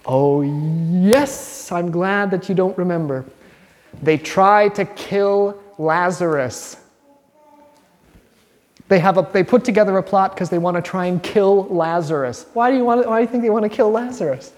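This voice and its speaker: A man, a priest, giving an informal, lively sermon in a church and telling the stories animatedly. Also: high-pitched, unhurried. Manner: conversational, animated storytelling. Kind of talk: informal sermon and Bible study. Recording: long hall reverb.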